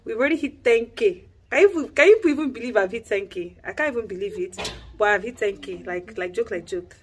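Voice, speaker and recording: A woman's voice: medium pitch, a little fast, a little hiss or hum. A woman with a Nigerian accent, a mother chatting casually in a home vlog, soothing and coaxing. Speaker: family vlogger, mother.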